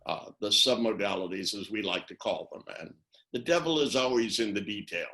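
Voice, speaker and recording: A man's voice: fairly low pitch, fairly quick, pushed and bright. An older man on a video call, talking casually and rambling through anecdotes, acting out the phrases he quotes. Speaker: interviewee, NLP trainer. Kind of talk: casual webinar talk.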